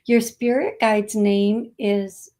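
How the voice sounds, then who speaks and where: A woman hosting a live psychic reading stream, talking slowly and affectionately to viewers, with many fillers while she reads comments. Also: mid-range voice, steady tone, mellow. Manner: slow, soothing, affectionate. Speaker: psychic medium host.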